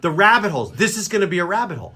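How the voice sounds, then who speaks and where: A middle-aged man hosting a talk radio show, ranting through comic stories about his family in an excitable, exaggerated way. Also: high voice, very fast, breathy edge. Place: radio studio.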